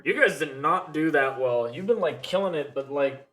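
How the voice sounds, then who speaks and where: A man's voice: on the high side, lively intonation, moderate pace, fairly bright tone. A man narrating as game master of a tabletop game in a casual, easygoing manner.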